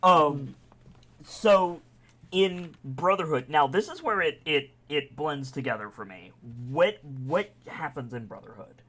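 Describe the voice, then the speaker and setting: A man in casual conversation about video games, retelling scenes excitedly, laughing often and swearing casually. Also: a little high, a little slow. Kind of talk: casual gaming chat.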